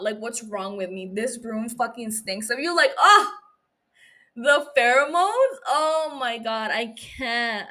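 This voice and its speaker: Bright, animated woman podcaster. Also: fairly high pitch. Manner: animated, profane, gushing reactions. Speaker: podcast host recapping a TV episode. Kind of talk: casual recap chat.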